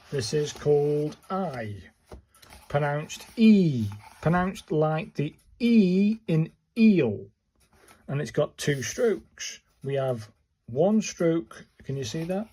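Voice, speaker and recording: Man, very husky breathy voice, dark mellow tone, muttering, step-by-step practice narration. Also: on the high side, low-quality recording. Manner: muttering step-by-step to himself as he writes. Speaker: calligraphy learner and channel host. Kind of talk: casual narration while practicing.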